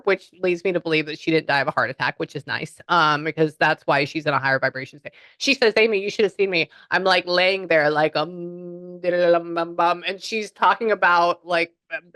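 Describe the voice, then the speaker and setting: A woman's voice: on the low side, a bit bright, dry recording. A woman working as a psychic medium who chats through a reading, rambling with many fillers. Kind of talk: casual spirit reading.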